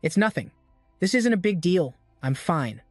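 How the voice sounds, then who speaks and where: Cruel zealot voiced by a male narrator, shouting curses, fairly high voice, dry sound. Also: very animated, unhurried, no echo, faint music behind, full character voice. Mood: cursing. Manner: shouting, cursing.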